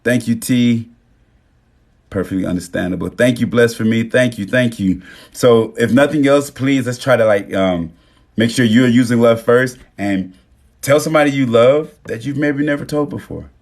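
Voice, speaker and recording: A man's voice: mid-range voice, normal speed, a little mellow. A man hosting a phone live stream, speaking casually and emotionally, swearing freely and thanking viewers by name. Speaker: livestream host.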